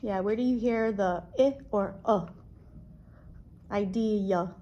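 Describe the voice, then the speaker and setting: A woman teaching a one-on-one phonics lesson, patient, slow and clear, stretching out sounds. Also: mid-range voice, mellow, lo-fi sound. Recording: echoey room, distant mic, background noise.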